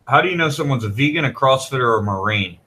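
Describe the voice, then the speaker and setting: A man's voice: medium pitch, lively intonation, fast talker, pushed and bright. A man in a casual podcast chat, making dry, laid-back jokes.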